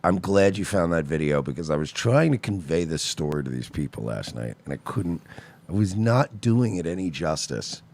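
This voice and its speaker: A man's voice: low voice, lively intonation, moderate pace, darkish tone. A man co-hosting a talk show, telling stories in casual chat, swearing freely and acting out the people he describes. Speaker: radio show co-host.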